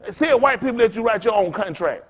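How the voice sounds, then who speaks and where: A male pastor with a notably high-pitched voice preaches informally and fast, expressive and rambling. He's blunt and freely profane, swapping call-and-response with the congregation as he goes.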